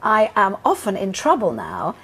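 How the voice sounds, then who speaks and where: A woman's voice: medium pitch, huge pitch swings, normal speed, a bit bright, slightly rough. An older woman with a posh English accent, a voice actress and coach speaking emphatically in a studio interview.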